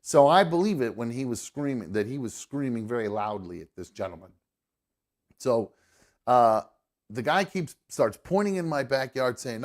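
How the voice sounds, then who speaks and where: Young male podcast host, mid-pitched, casual storyteller, swears freely, acts out quotes with a raised voice. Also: lively intonation, normal speed.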